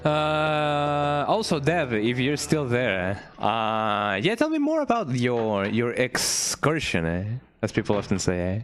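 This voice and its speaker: A man streams a game and chats casually with viewers in a sing-song, mid-range voice, speaking slowly with few pauses. He keeps things playful, finishing almost every sentence with a quizzical "eh?".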